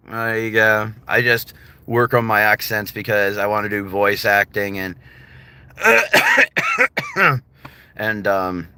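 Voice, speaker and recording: Male streamer, loose and profane, bright and punchy delivery, casual chat with viewers. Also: fairly low pitch, no room sound. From United States. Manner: rambling, profane and laughing often. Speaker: livestreamer.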